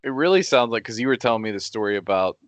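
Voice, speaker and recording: A man's voice: mid-range voice, lively intonation, fast talker, dry recording. A man co-hosting a podcast, chatting in a laid-back, reflective way. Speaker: podcast co-host. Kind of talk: casual chat.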